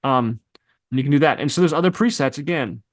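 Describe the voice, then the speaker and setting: A man of ordinary middle pitch leads a screen-recorded editing tutorial. He thinks aloud as he clicks through presets, tossing in loose asides and quick exclamations. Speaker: video editing instructor.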